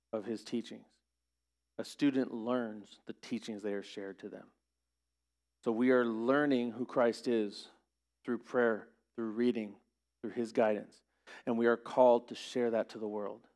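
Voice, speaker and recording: Male pastor, mid pitch, earnest sermon delivery, pushes into emphatic rhetorical questions. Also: darkish tone.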